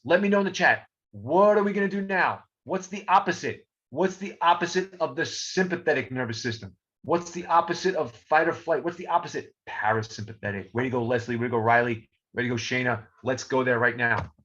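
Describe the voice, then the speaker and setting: A man teaching a live online lecture as a professor, playful and animated, talking to the chat. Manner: animated, playful, talks to chat, swings pitch. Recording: dull lo-fi stream audio.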